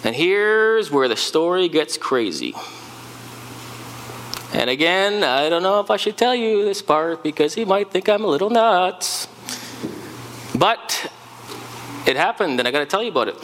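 A man preaches as an earnest eyewitness follower of Jesus in a dramatic first-person sermon monologue, his voice high and bright. He stumbles over and repeats words as the story stirs him. It is recorded in an echoey hall with a faint hum behind. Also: exaggerated voice.

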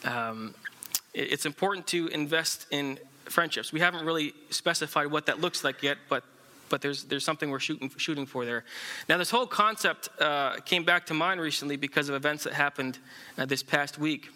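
A man preaching a sermon in a very bright, slightly high voice. He speaks haltingly, with frequent fillers and restarts, as he tells a story to the congregation. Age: adult, married. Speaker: pastor.

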